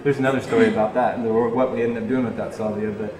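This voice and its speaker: A man telling a rambling tour story in casual chat, animated, swearing freely and laughing as he talks. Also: lowish voice, quick pace. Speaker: interview guest, touring musician. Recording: echoey room.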